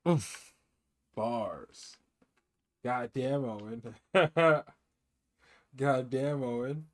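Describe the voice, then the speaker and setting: A man's voice: medium pitch, slow pace, a little mellow. A man reacting to a clip on his stream with joking, slangy banter. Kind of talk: casual reaction commentary.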